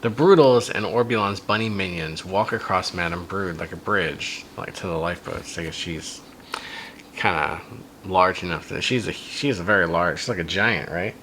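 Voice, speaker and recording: A man reading a silly fan story aloud for a comedy podcast, with deadpan asides on its plot. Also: low voice, normal speed, a little hiss or hum, rough recording. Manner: amused, reads dialogue in a flat deadpan with asides.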